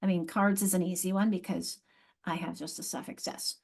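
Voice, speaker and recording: A woman's voice: on the low side, steady tone, a little fast, vocal fry, darkish tone. A woman presenting a teacher training session on reading and spelling, explaining step by step with frequent restarts and questions to her audience. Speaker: literacy workshop presenter.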